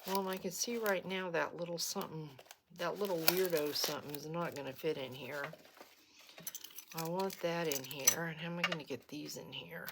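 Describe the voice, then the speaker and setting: A woman's voice: low-pitched, normal speed. A middle-aged woman chatting and telling stories while she crafts, acting out what people said. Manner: chatty storytelling, lively quoted voices. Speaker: crafting vlogger. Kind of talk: casual chat while crafting. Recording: noticeable background noise.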